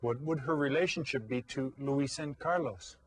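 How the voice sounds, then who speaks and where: A man teaching a recorded lesson for young children, patient and full of questions, saying each Spanish word slowly. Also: medium pitch, dry recording, low-quality recording.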